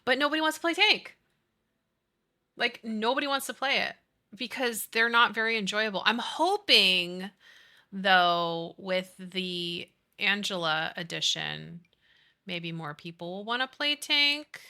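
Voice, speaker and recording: A chatty woman streamer with a very bright, tense edge to her voice. She talks casually and upbeat while she plays, reads her chat and answers it. Her pitch sits in a middle range for a woman. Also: a little slow. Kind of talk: casual chat while playing a building game.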